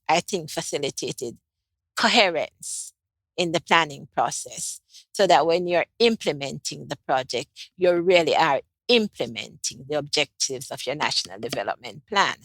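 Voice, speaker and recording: A woman with a low-pitched, fairly bright voice answers interview questions about the climate project she leads. She speaks in a measured yet animated way, with frequent ums and restarts. The recording has no echo.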